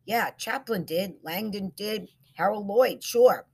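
A woman voicing Zelda, a friend woken by a phone call in the night, talking in a gruff, matter-of-fact way. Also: mid-range voice, takes it slowly, a little mellow, pitched above the performer's own voice. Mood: grumpy.

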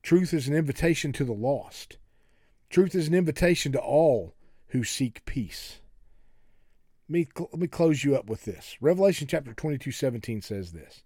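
A man preaches an earnest sermon and often repeats his words. His pitch moves a lot, and at times he sinks to a near whisper. The voice is mellow and dark, recorded close and dry. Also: lively intonation, normal speed, dry recording. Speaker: pastor.

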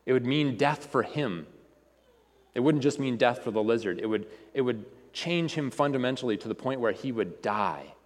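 A man's voice: mid-range voice, animated, moderate pace. A man preaching a sermon to a congregation in a conversational way, often repeating words as he goes. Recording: reverberant hall.

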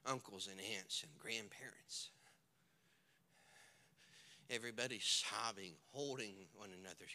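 A male pastor preaching a sermon, moving between quiet storytelling and loud, shouted declarations while acting out the people in the story. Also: medium pitch, big-room sound. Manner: swings from hushed storytelling to shouted preaching, acts out characters.

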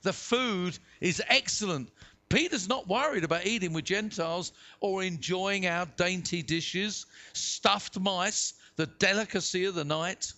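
A man's voice: high-pitched, a little slow, pushed and bright. A man from the United Kingdom preaching a sermon as pastor, reading scripture dramatically and voicing the people in the story. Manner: dramatic, acts out voices in the reading. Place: church hall.

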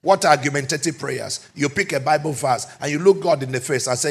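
A man preaching a sermon as pastor, emphatic and often shouting, with rhetorical questions to the congregation. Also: on the high side, brisk, vocal fry, few pauses, slightly rough.

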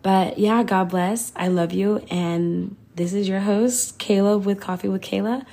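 A young woman hosts a faith podcast in an earnest, heartfelt monologue, calling her listeners y'all and guys. Her voice is low, gravelly and husky, and stays flat in pitch. She sounds close to tears. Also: measured pace. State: holding back tears. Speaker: podcast host.

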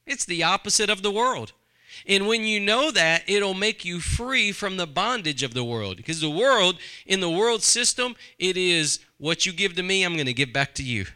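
A man's voice: sits high, pushed and bright, clear, resonant tone. A man preaching a sermon, conversational and full of rhetorical questions to the congregation. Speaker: pastor.

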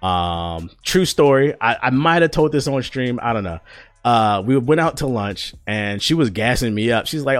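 A man's voice: medium pitch, lively intonation, normal speed, no room sound. A young man hosting a podcast, telling stories in a loose, profane, slangy chat full of fillers, on a close mic. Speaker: podcast host. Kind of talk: casual storytelling chat.

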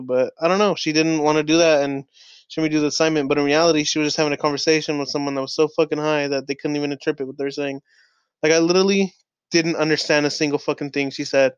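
A man's voice: a little high, fairly even intonation, fast, clear, resonant tone, no room sound. A young man hosting his own podcast, telling a rambling casual story full of "like" fillers and swearing. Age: young adult. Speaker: podcast host. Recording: dull, lo-fi dry recording.

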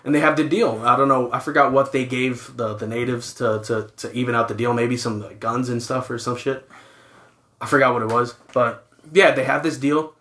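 A man's voice: mid-range voice, steady tone, moderate pace, fairly bright tone, echoey room. A man co-hosting a casual chat, telling rambling, profane stories.

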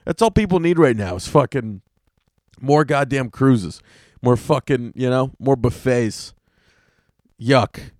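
A man's voice: medium pitch, takes it slowly, long pauses, darkish tone, dry recording, studio quality. Profane, rambling male podcast host. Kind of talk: casual solo podcast rant.

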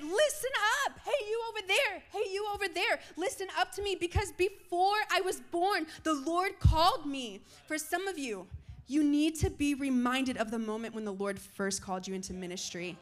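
A young woman preaching a sermon to students, moving between loud calls and soft, hushed lines. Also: high-pitched. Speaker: youth speaker.

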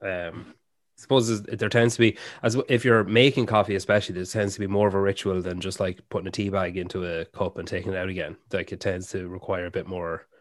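A man's voice: low voice, steady tone, quick pace, dry recording, clean studio sound. A man hosting a casual podcast interview, rambling and hesitant with lots of fillers. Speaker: podcast host.

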